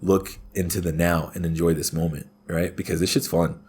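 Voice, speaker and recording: A man guesting on a podcast rants profanely in casual conversation, punctuating his points with "right?" His voice is low-pitched and darkish with a breathy edge, barely moving in pitch, at a moderate pace.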